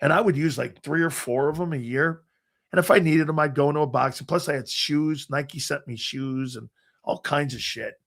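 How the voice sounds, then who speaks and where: A man's voice: a little high, normal speed, vocal fry, a bit bright. An older man from Connecticut, a sports show host and former player, telling rambling anecdotes in a casual way with lots of restarts and some swearing. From Connecticut, United States. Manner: rambling anecdotes, frequent restarts and fillers, profane.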